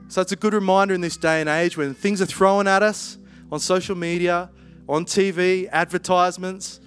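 A man preaching a conversational sermon, animated and playful, with lively asides. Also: sits high, moderate pace, faint music behind.

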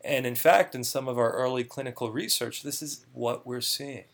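A man's voice: medium pitch, fairly even intonation, normal speed, vocal fry, fairly bright tone. A man being interviewed, explaining a job earnestly and often repeating words as he starts a thought. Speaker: clinical research guest. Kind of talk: conversational interview.

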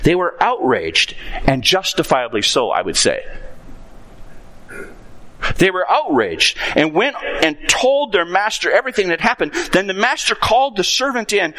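Animated, bright-voiced male pastor. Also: sits high, moderate pace. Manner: animated, dramatic storytelling, rhetorical questions. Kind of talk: sermon.

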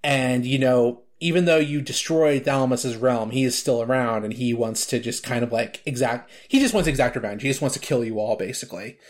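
A man's voice: medium pitch, brisk, hardly any pauses. A man in casual chat about a video game, rambling with lots of filler words and restarts.

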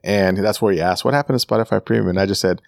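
A man in his forties telling a dry, relaxed story about his teenage son in casual chat. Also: fairly low pitch, racing, vocal fry, dry recording.

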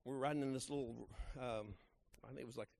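A middle-aged man, a pastor telling a folksy story in his sermon and driving it to loud, emphatic peaks. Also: medium pitch, steady tone, a little fast, gravelly.

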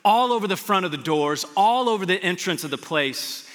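A man preaching a sermon as pastor, telling stories with animated energy. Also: high-pitched, moderate pace. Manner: animated storytelling, shouts in retold scenes. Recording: long hall reverb.

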